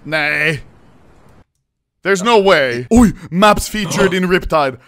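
A young man hosting a gaming video, reacting to a game update and running through new skins in excited, casual chat. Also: sits high, dry recording, studio quality. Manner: excitable, quick exclamations. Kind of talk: casual reaction and skin rundown.

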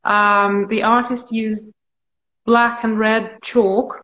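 A woman artist answering interview questions in a thoughtful, halting way, with frequent pauses and restarts. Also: fairly high pitch, little pitch movement, sharp tone, dull audio.

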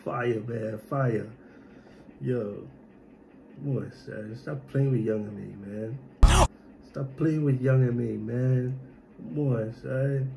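Hyped gravelly man. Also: mid-range voice, takes it slowly, pauses often. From Guyana. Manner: hyped, exclaiming, shouts of surprise. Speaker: reaction video host. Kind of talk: casual reaction commentary.

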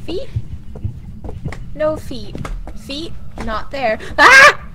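A young woman chatting casually while playing a co-op game, giggly and excitable. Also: sits high, normal speed, noisy background. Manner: giggly, excitable, echoes others. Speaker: co-op game player. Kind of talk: casual gaming chat.

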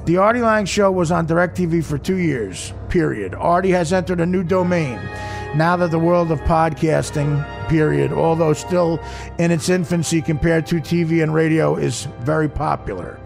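Gravelly high-voiced man, teasing host. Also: faint music behind. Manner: teasing, reads aloud haltingly. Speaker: podcast host. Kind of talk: casual chat.

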